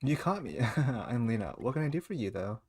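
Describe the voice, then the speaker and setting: A man's voice: mid-range voice, sing-song, brisk, a little mellow, soft background music, lightly acted. A man reading a cheerful young woman's lines, raising his voice for her.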